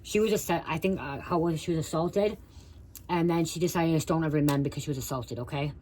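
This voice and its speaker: A woman's voice: low voice, fast talker, darkish tone, a little hiss or hum, poor audio. A woman doing a live card reading for viewers, stumbling as she reads the guidebook text aloud and breaking off to talk to them directly. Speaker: tarot reader.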